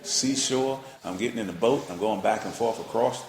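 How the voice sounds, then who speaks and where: A preacher retelling Jesus's words in a relaxed, everyday voice. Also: male voice, on the low side, moderate pace, crowd noise, natural voice. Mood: easygoing. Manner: easygoing, conversational. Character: Jesus speaking casually to a would-be follower. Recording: roomy echo.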